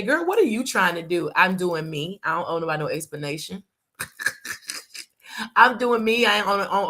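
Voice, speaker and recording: A woman's voice: fairly low pitch, pushed and bright. A woman hosting a casual live talk, speaking emphatically and repeating her points, calling her listeners y'all. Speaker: host.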